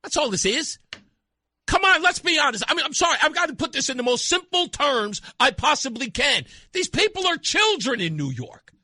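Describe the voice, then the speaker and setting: A male talk radio host delivering a mocking, animated opinion monologue. His voice runs high and swings widely in pitch, with a bright, sharp edge. The sound is dry and close, with no room around it. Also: moderate pace, no room sound.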